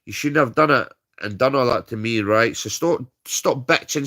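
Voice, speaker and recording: A man's voice: mid-range voice, moderate pace, sharp tone. Angry swearing British man ranting. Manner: heated, swearing, repeats "right?". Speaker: streamer. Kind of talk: angry livestream rant.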